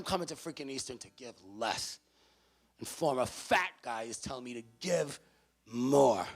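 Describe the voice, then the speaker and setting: Man, motivational speaker, gravelly voice, emphatic, repeats his points, loud then hushed, talking to students. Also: medium pitch, lively intonation, moderate pace. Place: college event before a student audience.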